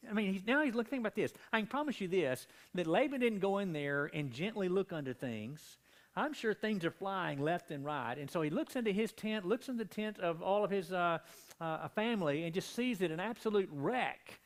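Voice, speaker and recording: A man whose voice runs on the high side preaches at normal speed in a midweek church Bible study. The pastor reads scripture animatedly with mounting intensity and a strained voice.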